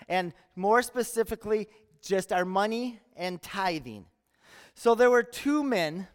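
High, clear-voiced man preaching in a church. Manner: storytelling with acted-out voices in jokes. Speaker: pastor. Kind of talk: sermon. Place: church sanctuary. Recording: reverberant church sanctuary.

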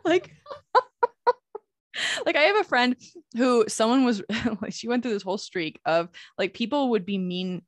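A woman's voice: fairly high pitch, lively intonation, measured pace, pauses often, dry recording. A woman co-hosting a podcast, talking casually with lots of "like" fillers and frequent laughter. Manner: chatty, many "like" fillers, laughs often. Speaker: podcast co-host.

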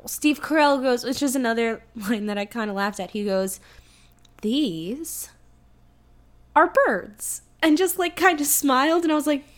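Woman, high voice, casual chat, animated, swearing, quoting lines. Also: brisk, few pauses. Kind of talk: casual chat, film recap.

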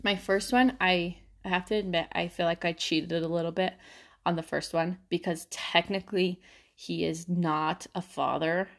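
A woman's voice: lowish voice, fairly even intonation, moderate pace, vocal fry. A young woman co-hosting a podcast, chatting casually and reading listener stories, giggling often and filling her talk with "like". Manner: giggly, lots of "like" fillers. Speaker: podcast co-host.

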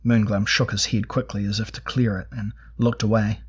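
A man narrating a fantasy novel in a measured, even storytelling manner. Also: lowish voice, slightly rough. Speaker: audiobook narrator.

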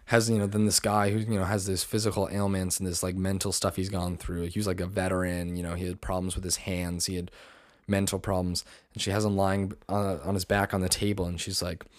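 A man's voice: low voice, flat delivery, brisk, no room sound, clean studio sound. A young man hosting a podcast, chatting casually and rambling, with lots of fillers. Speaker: podcast host. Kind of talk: casual chat.

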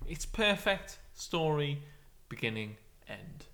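A man co-hosting a casual chat, excitable and playfully stubborn in argument. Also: fairly high pitch, slow. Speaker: podcast co-host.

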